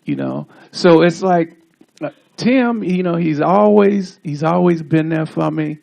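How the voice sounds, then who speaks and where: A man giving a relaxed, rambling storytelling speech at an outdoor street ceremony. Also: on the high side, unhurried, vocal fry. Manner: laid-back, drawling storyteller with asides.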